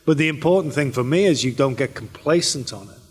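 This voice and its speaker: A British actor answering fan questions on a convention panel, relaxed and rambling with many fillers and restarts. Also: male voice, mid-range voice, a little fast, husky. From Britain. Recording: echoey convention hall.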